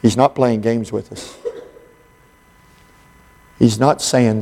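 A man preaching a sermon in an unhurried, folksy storytelling way, with frequent pauses and fillers. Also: medium pitch, fairly even intonation, creaky, dark tone.

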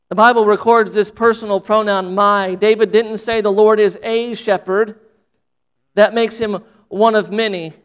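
Male pastor, sermon delivery, high clear voice, earnest with emphatic repetition. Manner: earnest preaching, repeats phrases for emphasis.

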